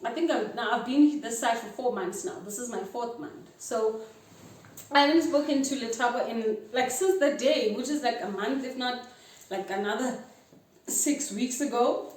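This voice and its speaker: A South African woman in her twenties, a vlogger, tells a casual storytime with a fairly high voice at a moderate pace. She's animated, mixes isiXhosa phrases into her English, and acts out both sides of a conversation. The room is echoey and the mic sits a bit far off.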